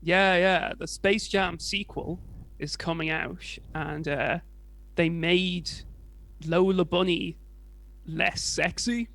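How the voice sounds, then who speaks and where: Creaky English man, casual podcast chat. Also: high-pitched, steady tone, takes it slowly, fairly bright tone. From England. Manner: rambling, hesitant, swears casually. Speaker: podcast co-host.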